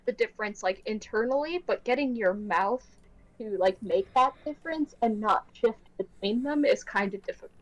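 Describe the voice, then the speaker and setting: Chatty higher-voiced woman gamer. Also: rough recording. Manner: chatty, lots of "like" fillers, quick laughs. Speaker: tabletop game player. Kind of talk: casual chat among players.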